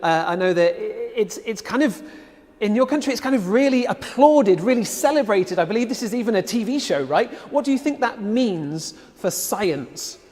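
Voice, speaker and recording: A man's voice: high-pitched, lively intonation, moderate pace, darkish tone, long reverb tail. A man hosting a live online event, upbeat and chatty with frequent fillers. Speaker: host.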